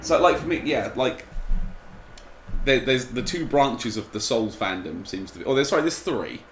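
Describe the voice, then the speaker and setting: A man's voice: medium pitch, expressive, moderate pace, echoey room, slight background noise, poor audio. A man hosting a gameplay stream, chatting casually and rambling while he plays. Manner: rambling, distracted while playing. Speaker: gaming streamer.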